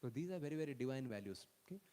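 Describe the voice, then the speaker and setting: A man's voice: medium pitch, expressive, rapid-fire, mellow, big-room sound, poor audio. A man giving a storytelling sermon to young people, constantly checking in with "okay?" and "no?". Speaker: speaker at a youth festival.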